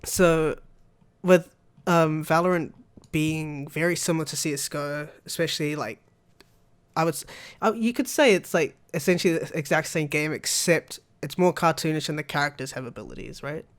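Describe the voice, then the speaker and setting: Young male podcast co-host, chatty and rambling, light higher voice. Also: normal speed, smooth. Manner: rambling, chatty, laughs often. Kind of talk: casual gaming chat.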